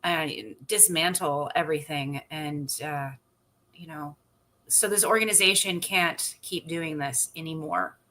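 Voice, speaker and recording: A woman's voice: low voice, measured pace, pushed and bright. A woman guest on a talk show, speaking earnestly and briefly. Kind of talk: casual chat.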